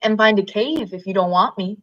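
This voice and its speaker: A woman's voice: medium pitch, brisk, fairly bright tone, natural voice. A woman voicing a simple-minded, childlike big man who pleads in a raised voice, in a slightly muffled recording. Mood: pleading.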